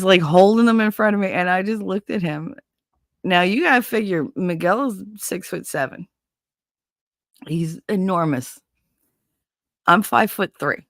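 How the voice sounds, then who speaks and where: A middle-aged woman hosting a casual show, telling a story in a lively way, with plenty of swearing, and putting on the voices of the people in it. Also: lowish voice, no echo, studio quality. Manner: animated, swearing, acts out voices in retelling. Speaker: host.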